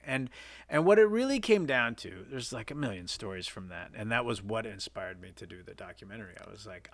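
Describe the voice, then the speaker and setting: Gravelly man telling set stories. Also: medium pitch, lively intonation, brisk, a bit bright. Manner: rambling anecdotes with many fillers and restarts. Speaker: guest filmmaker. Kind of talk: casual storytelling in an interview.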